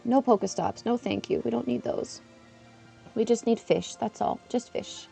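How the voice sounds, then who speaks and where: A woman live streaming in casual chat, chatty and excitable, eating while she talks. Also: a little high, normal speed, vocal fry, husky, soft background music.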